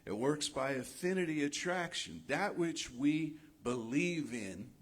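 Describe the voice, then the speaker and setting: A male minister giving a sermon in a spiritual center, asking his listeners rhetorical questions in a measured, reflective way. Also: fairly high pitch, husky.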